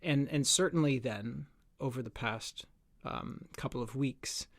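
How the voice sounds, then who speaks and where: A man's voice: medium pitch, a little slow, dry recording. An American man being interviewed over a video call, speaking thoughtfully with many restarts. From United States. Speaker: author guest.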